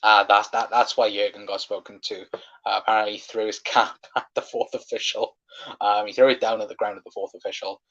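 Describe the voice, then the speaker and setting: A young man, hosting a live football watchalong and calling the match as an excitable fan who swears when frustrated. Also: fairly low pitch, a little fast, dull audio.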